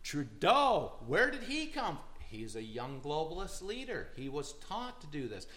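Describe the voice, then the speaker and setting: A man's voice: a little high, huge pitch swings, measured pace, bright, forceful tone, rough recording. A man giving a sermon-style talk, reading quotes aloud with emphatic stress. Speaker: preacher.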